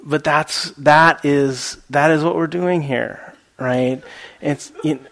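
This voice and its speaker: Give me a man leading a meditation talk, gravelly and easygoing. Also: a little high, slow. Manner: relaxed, rambling, many fillers; laughs at his own story. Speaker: meditation teacher. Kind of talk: dharma talk with storytelling.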